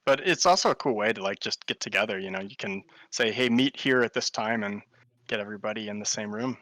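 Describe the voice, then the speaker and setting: A man chatting as a guest in an interview, enthusiastic and quick to laugh, with some fillers. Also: on the low side, bright, forceful tone, no echo, low-quality recording. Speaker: guest, hologram artist. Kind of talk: casual interview chat.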